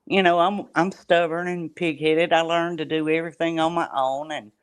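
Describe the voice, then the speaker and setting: A middle-aged woman chatting casually as a panel guest, self-deprecating and quick to laugh. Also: sits low, steady tone, clean tone. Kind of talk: casual chat.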